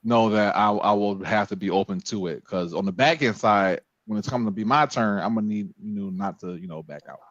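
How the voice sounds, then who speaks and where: A man co-hosting a casual podcast, talking in a halting, playful way and repeating words as he goes. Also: fairly low pitch, fairly bright tone, no echo, highs cut off. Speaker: podcast co-host. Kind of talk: casual chat.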